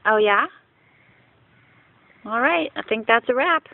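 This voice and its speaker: A woman filming her small children at home, asking slow, encouraging questions in coaxing baby talk. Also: a little high, expressive, creaky. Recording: tinny, phone-like home video.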